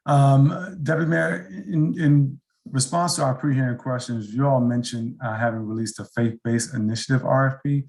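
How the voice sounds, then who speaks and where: Council member, man, mid-pitched voice, polite and measured questions over a video call. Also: fairly even intonation, gravelly, a little mellow. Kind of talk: questioning at a hearing.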